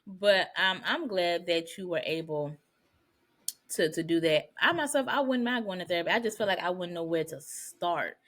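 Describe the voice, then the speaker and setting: A woman co-hosting a podcast in casual chat, talking in a relaxed, slangy way with laughing asides. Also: on the low side, moderate pace. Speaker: podcast co-host.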